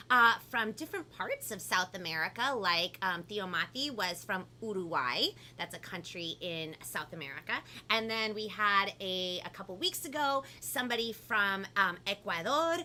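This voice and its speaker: A woman hosting a children's live stream, talking in a bubbly, animated way and reading out viewer comments. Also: mid-range voice, slight background noise. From family from Peru. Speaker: host of a live kids' show. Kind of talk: upbeat live-stream chat.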